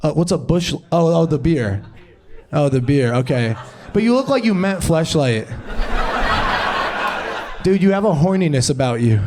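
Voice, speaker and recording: A young male comedian riffs off the top of his head on a club stage, rambling and breaking into giggles at his own ideas. His voice sits a little high for a man and comes through a handheld stage mic. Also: lively intonation, unhurried, long pauses, warm tone. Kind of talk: improvised stand-up.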